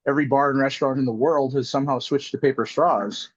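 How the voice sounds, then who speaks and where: A man from Alberta, a podcast guest, telling his side in a steady, wry way. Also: mid-range voice, quick pace, no echo, muffled recording. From Alberta, Canada. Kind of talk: casual podcast conversation.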